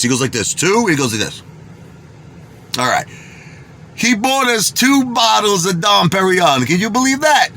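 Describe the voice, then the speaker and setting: A high-pitched man, recorded with a little hiss or hum, speaks in a Brooklyn New York accent. He's a vlogger from Bensonhurst bragging through a story with animated street talk and oaths that he never lies.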